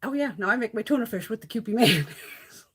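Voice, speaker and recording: A woman's voice: on the high side, expressive, brisk, slightly rough. A middle-aged woman chatting casually and profanely on a beauty live stream, laughing often.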